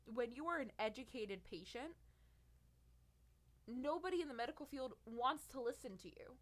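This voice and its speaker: A woman's voice: sits high, lively intonation, normal speed, long pauses, a bit bright. 19 yr old woman ranting on her podcast, fed up and sarcastic, telling it like a story. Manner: exasperated, venting, sarcastic storytelling. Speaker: podcast host.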